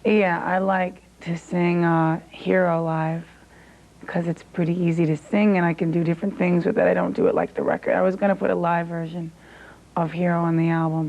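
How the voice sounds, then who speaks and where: A woman in a casual interview, speaking in a low, gravelly voice, tired from little sleep and talking in a relaxed, offhand way. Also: moderate pace. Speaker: singer being interviewed. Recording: dull lo-fi 1990s TV interview audio.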